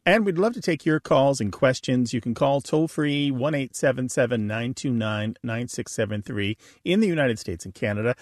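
A man's voice: medium pitch, lively intonation, normal speed, few pauses, no echo, clean studio sound. A man co-hosting a radio show about language, giving the phone number and chatting.

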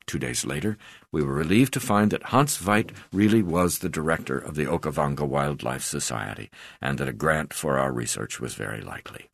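Deep-voiced male audiobook narrator. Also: animated, brisk, vocal fry, no room sound.

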